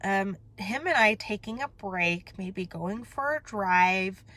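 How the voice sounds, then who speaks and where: A woman speaking into her phone from a parked car, confessional and raw. Her voice sits at an ordinary middle pitch. She rambles, corrects herself and trails off as her emotions rise. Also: lively intonation, takes it slowly, fairly bright tone. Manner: emotional, rambling, self-interrupting. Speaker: vlogger. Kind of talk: candid confessional chat.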